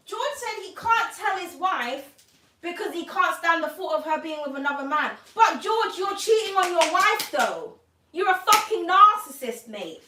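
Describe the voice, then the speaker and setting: Woman, high voice, brash tarot reader, blunt and foul-mouthed. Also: big pitch swings, normal speed, bright, forceful tone, slight background noise. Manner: blunt, profane, ranting. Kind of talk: livestream chat.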